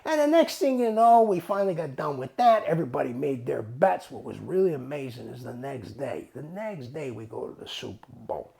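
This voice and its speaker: A man's voice: mid-range voice, a little fast, creaky, hardly any pauses. A man telling a casual, profane story, acting out both sides of the dialogue. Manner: animated, profane, acts out dialogue. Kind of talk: casual spoken anecdote.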